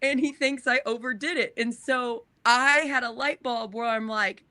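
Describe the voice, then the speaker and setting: A woman's voice: fairly high pitch, steady tone, moderate pace, pushed and bright, no room sound. A woman co-hosting a podcast, telling a personal story in an earnest, emotional way. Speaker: podcast co-host. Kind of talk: casual chat.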